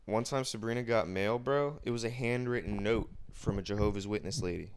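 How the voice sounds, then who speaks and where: A man's voice: on the low side, brisk, slight background noise. Young guy co-hosting a podcast, cracks crude jokes and laughs a lot. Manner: joking banter, laughs often, crude. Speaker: podcast co-host. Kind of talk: casual chat.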